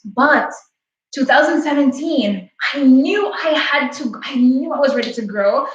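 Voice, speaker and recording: Sharing a personal story on her livestream, the host, a woman in her late twenties, is open, heartfelt and chatty. She speaks in a high, animated voice without hurrying, and the audio comes through echoey, muffled and far away.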